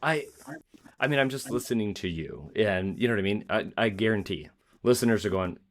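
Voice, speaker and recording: A man from the United States hosts a podcast conversation, chatting in an empathetic way full of "you know" fillers. His voice sits a little low. He sounds relaxed, as if he is talking with a peer. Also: fairly quick, a little hiss or hum. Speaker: podcast host, nurse. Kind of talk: conversational interview.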